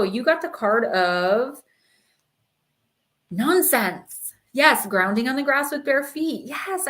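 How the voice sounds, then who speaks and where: A woman with a slightly high, somewhat bright voice hosts a live-stream oracle card reading. She speaks casually with frequent fillers and reads the cards' meanings aloud.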